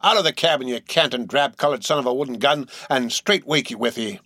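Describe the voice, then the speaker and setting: A man's voice: fairly high pitch, fairly quick, a bit bright, no echo, studio quality, voice pushed up, close to an everyday voice. A man voicing a fiery, blustering old sea captain who roars oaths in an audiobook reading. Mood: raging. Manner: roaring, outraged oaths. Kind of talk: audiobook character voice.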